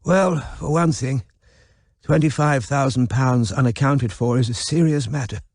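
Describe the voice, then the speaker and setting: A man's voice: medium pitch, measured pace, darkish tone, dry recording, studio quality, voice pushed up. A man reading an audiobook, voicing a feeble, hard-of-hearing elderly man who speaks hesitantly. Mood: embarrassed.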